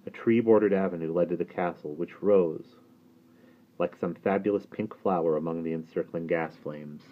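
A man reading a novel aloud in steady audiobook narration. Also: low-pitched, normal speed. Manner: steady storytelling. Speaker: audiobook reader. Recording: tinny phone-like sound.

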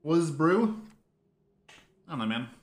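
A man's voice: on the high side, sing-song, measured pace, echoey room. Chatty man streaming a card game. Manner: loose, chatty, mutters to himself and to chat. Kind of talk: casual live gameplay commentary.

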